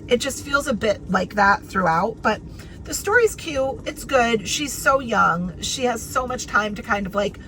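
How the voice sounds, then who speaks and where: A woman's voice: a little high, lively intonation, measured pace, a bit bright, soft background music. A woman in her thirties chatting casually in a reading vlog, with lots of filler words and restarts. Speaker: book vlogger.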